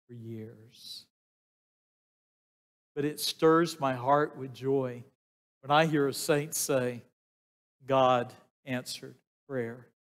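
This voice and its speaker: An older man preaching a sermon, slow and emphatic, putting questions to the congregation. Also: mid-range voice. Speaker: pastor. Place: church sanctuary. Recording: long church reverb, voice sometimes off mic.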